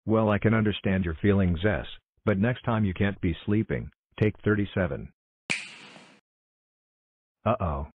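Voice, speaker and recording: Low-voiced man calling cuts excitedly. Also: narrow, tinny audio. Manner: exclamatory, hurried, calling cuts and takes. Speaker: creator directing a logo blooper video. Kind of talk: scripted fan cartoon narration.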